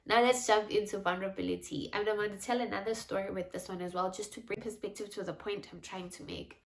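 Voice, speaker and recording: A woman's voice: mid-range voice, quick pace, creaky. Candid woman vlogger. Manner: candid, reflective, animated in retold asides. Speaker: faith and lifestyle vlogger. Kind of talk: personal storytelling talk.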